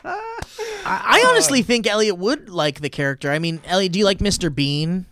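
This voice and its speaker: A man hosting a podcast in casual chat, excitable, swearing freely and laughing often. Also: high voice, normal speed. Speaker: podcast host.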